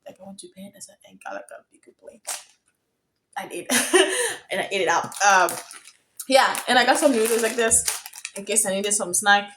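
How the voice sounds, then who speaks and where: A young woman from Africa telling a story in a casual vlog, chatty and excitable, getting loud when thrilled. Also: medium pitch, a little hiss or hum. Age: young adult. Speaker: vlogger.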